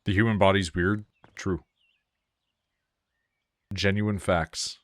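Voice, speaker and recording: A man's voice: low voice, flat delivery, slow pace, a bit bright. A man streaming a game, chatting casually with friends, joking and swearing loosely. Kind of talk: casual gameplay chat.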